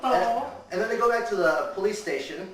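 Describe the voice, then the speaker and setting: A young man recaps a film plot in loose, meandering chat, stringing scenes together with "and then." His voice sits a little high and comes from some distance in a very echoey room. A faint hiss runs underneath. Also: expressive, fairly quick, fairly bright tone. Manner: meandering, full of "and then" and "he's like". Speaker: amateur movie reviewer. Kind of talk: rambling casual plot recap.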